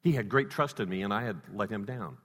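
Man, preacher, sermon storytelling, bright forceful tone, long hall reverb. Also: fairly low pitch, fairly quick, husky. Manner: storytelling, sharp swings between loud and hushed.

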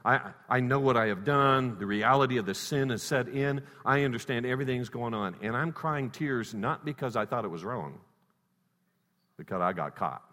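A man preaching a sermon built around a personal story, swinging between loud emphasis and hushed lines. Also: mid-range voice, moderate pace. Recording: reverberant hall.

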